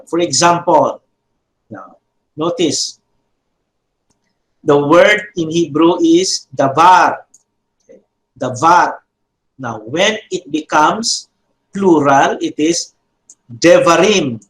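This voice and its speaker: Slow and repetitive with terminology, this Biblical Hebrew grammar teacher keeps asking "no?" and "okay?" He has a fairly high, fairly bright voice, recorded in poor, roomy audio.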